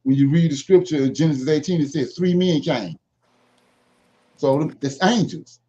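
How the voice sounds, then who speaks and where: A man's voice: a little high, moderate pace, mellow. Man teaching scripture, dull lo-fi sound. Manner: reads verses then explains them emphatically, asks "right?" often. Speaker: Bible study teacher. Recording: dull lo-fi recording.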